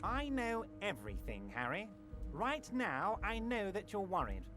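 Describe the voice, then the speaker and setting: An actor playing a large, self-assured union boss in a video game, speaking in a smooth, falsely reassuring way. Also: male voice, high voice, wildly swooping pitch, unhurried, a bit bright, soft background music, heavily acted. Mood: falsely soothing. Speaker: game character.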